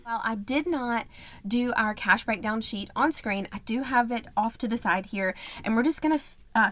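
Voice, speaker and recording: A young woman with a fairly high, bright-sounding pitch chats cheerfully to camera as the host of a budgeting channel. She repeats words for emphasis and laughs easily. Her voice sits close and dry, with almost no room around it. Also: no echo. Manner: laughs often. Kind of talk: casual chat to camera.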